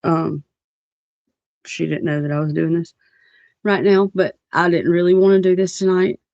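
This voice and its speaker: A woman's voice: fairly low pitch, steady tone, moderate pace, creaky, darkish tone, no room sound. Blunt, profane woman ranting. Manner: blunt, profane and rambling, with many fillers. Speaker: livestream host. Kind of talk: livestream rant. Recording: dull lo-fi stream audio.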